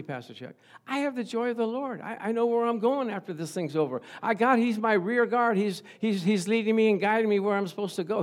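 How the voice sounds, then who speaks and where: A middle-aged man preaching a sermon as pastor, animated and calling out for amens. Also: sits high. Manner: animated, asks the congregation for amens. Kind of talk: lively sermon.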